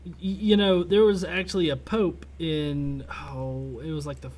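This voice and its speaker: A man's voice: fairly high pitch, steady tone, a little slow, a little mellow. A man hosting a casual political podcast, talking loosely with lots of filler words. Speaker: podcast host.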